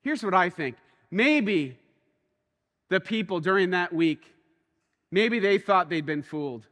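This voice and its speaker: A man serving as pastor preaches slowly in a high, bright voice. His storytelling is animated, dipping quiet and then lifting with excitement, and a long echo from the church hall follows each phrase.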